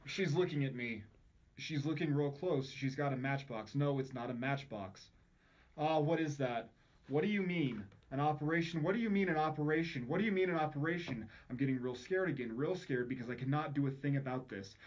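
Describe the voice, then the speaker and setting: A man's voice: a little high, lightly acted. Guy reading out a scared hypnotized dude, stammering and repeating stuff, muffled audio. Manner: halting, repeating himself in panic. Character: terrified adult man under hypnosis.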